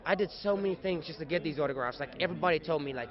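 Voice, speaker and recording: A young man with a fairly high voice tells stories in a lively, joking way during a casual convention interview. The sound is dull and lo-fi, recorded outdoors at a busy event. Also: racing, crowd noise. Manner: animated, playful, chatty storyteller. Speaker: actor guest.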